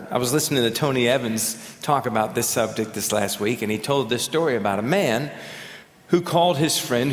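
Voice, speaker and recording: A man preaching a sermon as pastor, talking in a conversational way and telling stories. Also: mid-range voice. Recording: echoey hall with long reverb.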